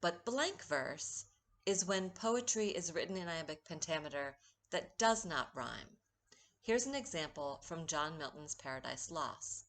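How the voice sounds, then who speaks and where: A woman poet giving a recorded poetry lesson, speaking in a measured way and stressing the rhythm when she reads verse. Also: fairly low pitch, expressive, fairly bright tone. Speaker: poet teaching a workshop.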